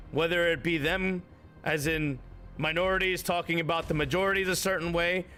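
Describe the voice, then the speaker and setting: A man live streams in a fairly high, bright, forceful voice, ranting at his chat. He swears heavily, mocks his viewers, and laughs often.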